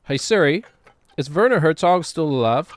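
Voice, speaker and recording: A man's voice: fairly high pitch, expressive, moderate pace. A man chatting casually on a game stream, rambling and poking fun at himself. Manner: rambling, self-mocking, laughs often. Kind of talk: casual live-stream chat.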